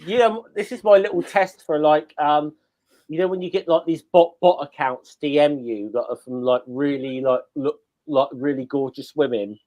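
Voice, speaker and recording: A man's voice: fairly high pitch, normal speed, warm tone. A man co-hosting a casual podcast chat, telling rambling anecdotes and repeating words as he gathers his thoughts. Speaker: podcast co-host.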